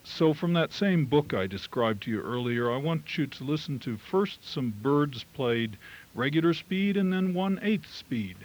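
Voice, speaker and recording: A man's voice: on the high side, expressive, unhurried, muffled recording. A man, a filmmaker giving a lecture, speaking in a reflective, personal way. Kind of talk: lecture to an audience.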